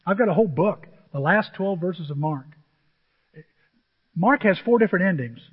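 A male pastor preaching a sermon to his church, animated and emotional, often jumping into excited high exclamations. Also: moderate pace, breathy edge. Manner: self-described emotional. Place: church sanctuary with a screen. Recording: dull, long hall reverb.

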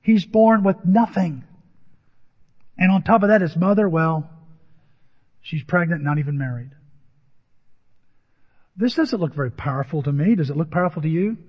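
Animated pastor preaching in a reverberant hall. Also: male voice, a little high, normal speed, long pauses, breathy edge. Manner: animated storytelling, acts out voices and crowd noises. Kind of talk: sermon. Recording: dull lo-fi audio with long hall reverb.

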